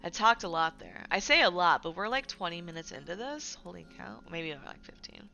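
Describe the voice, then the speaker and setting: Chatty woman streamer, bright tone. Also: lowish voice, fairly quick, creaky, faint music behind. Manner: rambling, self-correcting, lots of fillers like "like" and "right"; animated and indignant when recounting drama. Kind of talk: casual livestream chat about community news.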